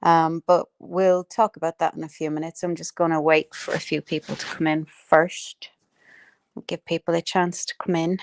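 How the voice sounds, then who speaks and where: A woman's voice: deep voice, little pitch movement, moderate pace, creaky, a little hiss or hum. Chatty sweary woman hosting a livestream. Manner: chatty, sweary, laughs often, greets viewers by name. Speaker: livestream host. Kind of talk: casual chat.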